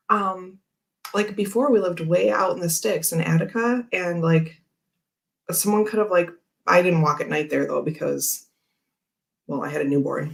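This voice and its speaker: A woman's voice: lowish voice, vocal fry. A woman hosting a casual chat, telling a rambling story full of fillers and frequent laughs. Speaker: tarot channel host.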